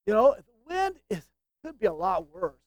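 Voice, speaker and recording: A woman's voice: mid-range voice, big pitch swings, normal speed, darkish tone. A woman preaching a sermon in a conversational way, with humorous asides and rhetorical questions to her listeners.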